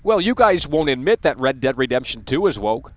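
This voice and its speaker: A man's voice: medium pitch, sing-song, brisk. A young adult man hosting a gaming livestream, ranting bluntly and casually with lots of swearing. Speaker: livestream host.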